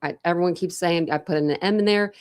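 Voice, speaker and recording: A woman's voice: lowish voice, fast talker, a little mellow, clean tone. A young woman from Ohio hosting a true crime livestream, chatting loosely with viewers and wearing a retainer. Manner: rambling, chatty, many "like" fillers. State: talking around a dental retainer. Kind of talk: casual livestream chat, greeting viewers.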